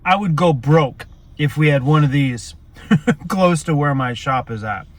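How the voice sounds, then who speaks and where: Upbeat high-voiced man vlogging. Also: a little slow, no echo. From Canada. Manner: upbeat, jokey, energetic. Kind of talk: casual vlog chat.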